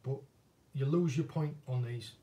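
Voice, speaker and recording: Speaking a little slowly at medium pitch, a northern English man is recorded a bit distant from the mic, with background noise. The former commercial fisherman turned angling vlogger responds to viewer questions in a relaxed, self-deprecating chat.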